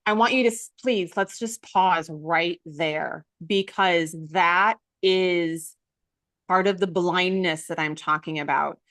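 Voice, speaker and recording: A woman in her forties hosting an interview, emotional and gushing, quick to cut in with her own stories. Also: fairly low pitch, a bit bright, no room sound, studio quality. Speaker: summit host. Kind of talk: casual interview chat.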